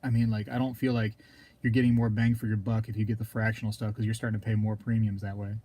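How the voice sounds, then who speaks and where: Male live streamer, casual rambler, warm low-key voice, frequent throat clearing. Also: level tone, quick pace. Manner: rambling, talks to viewers in chat, clears throat often. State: throat scratchy, keeps coughing.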